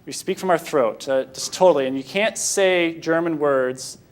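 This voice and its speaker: Speaking in a fairly high pitch, a young Michigan man leads a casual Sunday school session. His delivery stumbles, with frequent restarts, before he moves on to questions.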